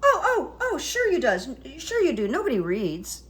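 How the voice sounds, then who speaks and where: A woman's voice: medium pitch, expressive, normal speed, fairly bright tone, close to an everyday voice. A woman voicing an eager, fawning middle-aged male publisher who stammers and agrees with everything. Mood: gushing. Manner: gushing, stammering, over-agreeable.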